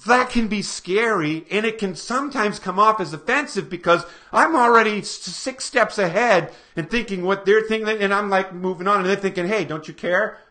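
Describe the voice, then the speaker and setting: A man stands before a small audience and lectures with energy, often throwing rhetorical questions at the room. His voice sits high and bright. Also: moderate pace, few pauses. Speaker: seminar presenter.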